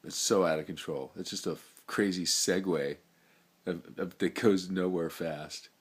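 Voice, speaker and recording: Rambling middle-aged man, low voice. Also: steady tone, measured pace, husky. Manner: rambling, free-associating, swings between loud and soft; laid-back slang, says "man" often. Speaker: person living with a brain tumor, sharing his thoughts. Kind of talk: rambling personal monologue.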